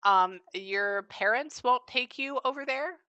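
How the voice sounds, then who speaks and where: A woman psychic medium giving a casual reading, talking fast and animated, quoting what spirits say. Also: on the high side, smooth, no room sound, highs cut off.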